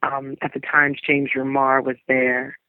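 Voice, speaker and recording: Gravelly New woman over a phone line. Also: a bass voice, completely flat delivery, a little slow, dry recording. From New Orleans, USA. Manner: rambling and searching for words, with many trailing restarts. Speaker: actor. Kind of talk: interview storytelling. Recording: tinny dry phone-line sound.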